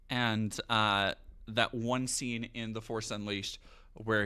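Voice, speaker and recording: A man's voice: fairly low pitch, slow, smooth. A man streaming casually, riffing and swearing in a jokey way and reading text aloud with mock drama. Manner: animated, profane, jokey riffing. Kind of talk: casual livestream commentary.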